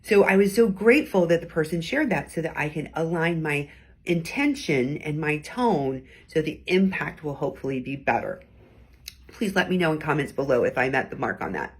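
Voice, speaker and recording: A woman's voice: sits low, lively intonation, moderate pace, breathy edge. A middle-aged woman hosting a weekly advice talk, speaking conversationally and acting out short examples of different tones. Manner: conversational, acts out tones in short quoted bits. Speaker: host giving weekly advice. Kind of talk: casual teaching talk to camera.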